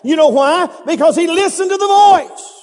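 A man's voice: very high-pitched, moderate pace, darkish tone. A man preaching a sermon, telling a story dramatically with sound effects and repetition. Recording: reverberant hall.

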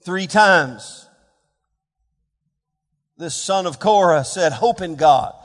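A man preaching a sermon as a pastor, swinging between hushed, quiet passages and louder emphatic ones. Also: high voice, lively intonation, slow pace, big-room sound. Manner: dynamic preaching, dropping to hushed tones and rising for emphasis.

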